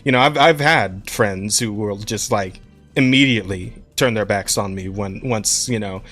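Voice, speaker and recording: A man hosting a casual podcast stream, relaxed and rambling, swearing freely as he talks to chat. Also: fairly low pitch, moderate pace, faint music behind. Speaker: podcast host.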